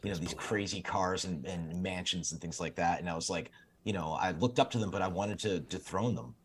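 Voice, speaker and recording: A middle-aged man, a game designer guest, telling animated stories with frequent laughs and lots of "you know" fillers. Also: deep voice, brisk, husky. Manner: animated storyteller, laughs often, many fillers. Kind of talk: casual interview storytelling.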